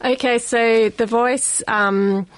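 A woman's voice: on the high side, steady tone, slow, dry recording. A woman with an Australian accent, a guest on a radio science show, explaining carefully with many ums. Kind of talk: radio studio interview. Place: radio studio.

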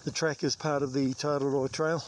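A New Zealand vlogger hiking a long bush trail talks casually to the camera, poking fun at himself and swearing a little. His voice sits fairly high with little pitch movement, and he speaks fairly quickly. Outdoor noise and insects can be heard behind him.

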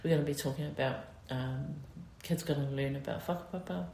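A middle-aged woman with a New Zealand accent, speaking in an interview with many fillers, emotional and halting. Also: sits low, vocal fry, warm tone, slight background noise. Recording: roomy echo.

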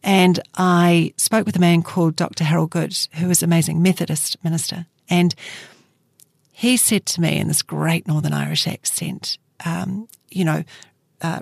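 A middle-aged New woman speaks as an interview guest, her fairly low voice carrying a gravelly edge. She talks thoughtfully, with frequent fillers and restarts. The sound is close and dry. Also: fairly even intonation, moderate pace, no room sound. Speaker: journalist guest. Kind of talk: reflective interview talk.

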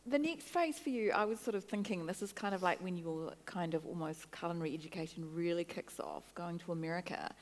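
A woman's voice: on the low side, brisk, hardly any pauses, long reverb tail. A woman interviewer asking friendly, encouraging questions.

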